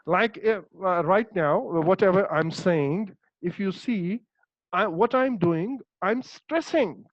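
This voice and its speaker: An Urdu-native man with a Pakistani accent teaches English in an online lesson, hesitant and full of fillers while stressing certain words. His voice is high and slow, with no echo. The call audio is dull, dry and lo-fi.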